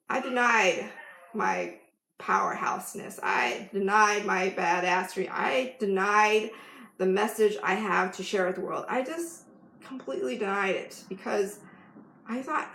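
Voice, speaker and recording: Bright-voiced woman life coach in an echoey room. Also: mid-range voice, a little slow, gravelly. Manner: bursts into loud yelled affirmations; laughs often, emphatic and animated. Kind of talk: motivational vlog talk.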